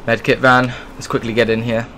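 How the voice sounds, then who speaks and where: A man's voice: mid-range voice, little pitch movement, brisk, pushed and bright, a little hiss or hum. A man doing casual let's play commentary, rambling along with sudden exclamations. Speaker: gaming YouTuber.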